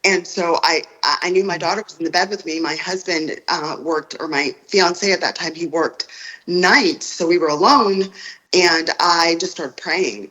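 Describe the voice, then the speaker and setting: A woman on a phone call, recounting a personal story in a halting way, often repeating her words. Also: lowish voice, pushed and bright. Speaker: guest telling her own story.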